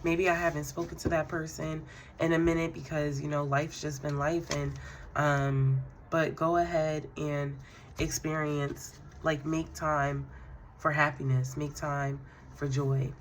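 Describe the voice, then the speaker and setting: A woman doing a spiritual tarot reading. She speaks to the listener directly in a relaxed, affirming way, with fillers and soft laughs. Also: low-pitched, unhurried, a little hiss or hum. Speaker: tarot card reader.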